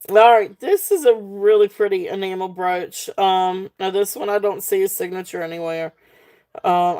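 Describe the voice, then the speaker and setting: A woman's voice: medium pitch, darkish tone. A woman with a Southern US accent hosting a live sale, chatting casually with many ums and frequent giggles. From Southern United States. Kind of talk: casual live-stream selling.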